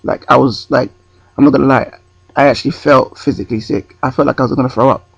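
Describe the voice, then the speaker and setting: This storytime vlogger from North London talks fast with fairly even intonation, rambling and self-correcting as he tells his tale straight into a close-up webcam. His gravelly, slightly husky medium-pitched voice comes through dry and dull, with no room sound.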